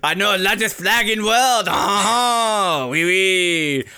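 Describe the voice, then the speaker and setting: A man's voice: high voice, slow, vocal fry, sharp tone, smooth, voice pushed up, exaggerated voice. A man putting on a hammy French comedian. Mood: mock theatrical. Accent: put-on French. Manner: mock French broken English.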